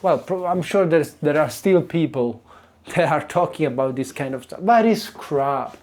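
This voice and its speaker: A man from Italy with an Italian accent, a native Italian speaker, ranting to camera in a casual vlog from his home kitchen, animated and exasperated with many restarts. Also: a little high, a little slow. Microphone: camera on small tripod.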